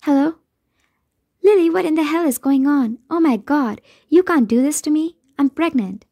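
A frantic young woman bursts onto the line, her voice high and pushed loud, as a woman reader puts her on. She sounds urgent and breathless with alarm. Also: moderate pace, no room sound, clean studio sound.

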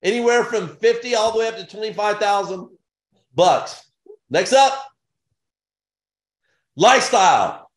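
A man giving an energetic business opportunity pitch in punchy, repetitive short phrases with bursts of excitement. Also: a little slow, long pauses. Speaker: sales presenter. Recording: roomy echo.

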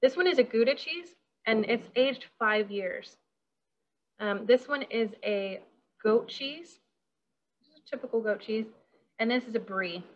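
A woman's voice: on the high side, unhurried, pauses often, lo-fi sound. A woman caterer leading a casual hands-on workshop over a video call, bubbly and chatty, giggling often.

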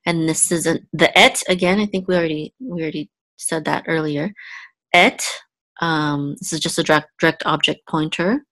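A woman's voice: deep voice, steady tone, moderate pace, a bit bright. A woman teaching Biblical Hebrew word by word in a patient, self-correcting way, sounding out each letter and vowel. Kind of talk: slow word-by-word reading lesson.

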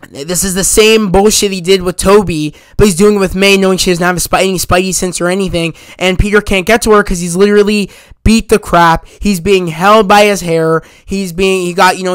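Man, high smooth voice, dry close sound; rambling, emphatic movie reviewer full of fillers. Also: fairly bright tone, dry recording. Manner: rambling, emphatic retelling with many fillers and casual swearing. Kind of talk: casual spoken movie review.

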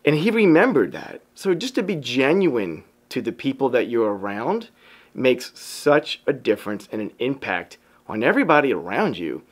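A man's voice: medium pitch, big pitch swings, moderate pace. A man who works as a photographer, giving an upbeat motivational talk to his viewers and calling them y'all. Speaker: photographer and vlogger.

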